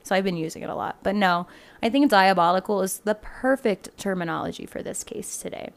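A woman's voice: medium pitch, a little fast, vocal fry. Chatty woman hosting a casual podcast. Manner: chatty and loose, heavy use of "like", laughs often. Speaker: podcast host. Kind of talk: casual true-crime podcast chat and case reading. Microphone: home laptop microphone.

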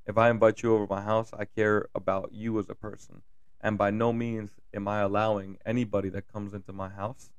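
Low gravelly father talking casually. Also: a little mellow, no echo. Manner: candid, swears often, halting with fillers. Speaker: father sharing family updates. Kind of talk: casual personal talk to camera.

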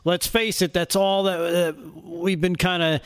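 A man's voice: high-pitched, flat delivery, measured pace, clear, resonant tone. A man giving opinionated talk show commentary in a sarcastic tone, often laughing at his own jokes. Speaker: segment contributor on a talk show.

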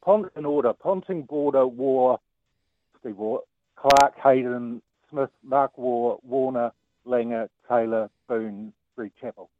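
A man's voice: mid-range voice, slow, dry recording. A man calling a sports radio show, reading out a list of names. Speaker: caller. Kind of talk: talkback call. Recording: dry tinny phone line.

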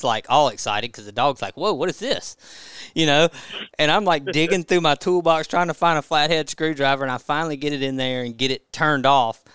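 A man's voice: fairly high pitch, a bit bright, smooth, no room sound. A man casually telling a funny hunting story as a podcast guest, laughing as he goes.

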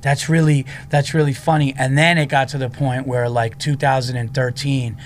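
Animated male comedian telling stories. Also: mid-range voice, moderate pace, a little hiss or hum. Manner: animated storyteller who acts out quotes. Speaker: comedian guest. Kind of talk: casual storytelling.

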